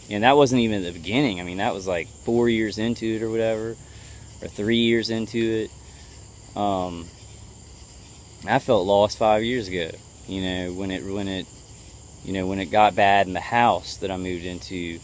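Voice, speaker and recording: A man giving a personal video update, halting and full of fillers and restarts, trying to stay calm and level. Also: on the low side, slight background noise. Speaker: vlogger.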